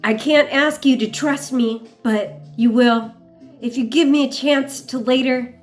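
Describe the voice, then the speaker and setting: Woman reading a quiet evasive guy, slow and halting. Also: sits high, faint music behind. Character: adult man evading hard questions, subdued.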